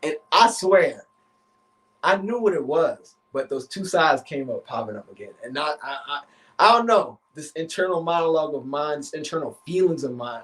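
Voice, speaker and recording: A man, a relationship coach, telling a personal story on a casual live stream. He is animated, slangy and profane, and acts out the voices in his head. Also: a little high.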